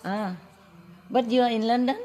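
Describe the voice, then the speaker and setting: A woman's voice: on the high side, fairly even intonation, normal speed, a crowd in the background. A woman, a spiritual teacher, talking casually with her audience in a playful, teasing way and laughing often. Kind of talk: informal talk with an audience.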